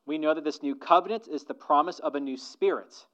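A male pastor delivers a sermon in an earnest, questioning way, pressing his listeners with rhetorical asks. His voice sits a little high for a man. The recording sounds dull and lo-fi. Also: fairly quick, a bit bright.

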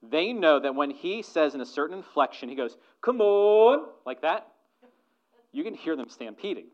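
A man preaching a sermon as a pastor, moving between soft asides and loud emphatic lines and putting rhetorical questions to the congregation. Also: on the high side, expressive, brisk, lo-fi sound.

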